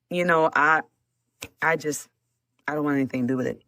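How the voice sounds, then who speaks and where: A middle-aged woman telling her testimony as a guest, animated, repeating words and laughing often. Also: deep voice, fairly quick, dry recording. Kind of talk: emotional storytelling.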